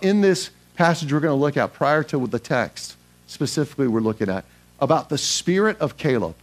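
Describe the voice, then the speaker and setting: A male pastor preaching a sermon, emphatic, putting questions to the congregation and repeating phrases for stress. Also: fairly high pitch. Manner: asks the congregation questions and answers them himself.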